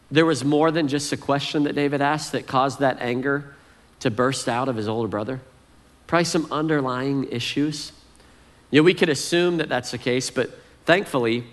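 A pastor with a medium-pitched voice preaches a sermon in a relaxed, conversational way, often using fillers and restarting his sentences.

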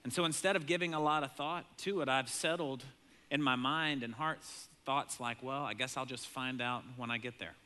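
A bright, forward-sounding male pastor in his thirties, preaching in a relaxed, conversational sermon style. He tells stories with animation, chuckling often and jumping into a high, excited voice to mimic his children. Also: normal speed. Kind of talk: sermon with storytelling.

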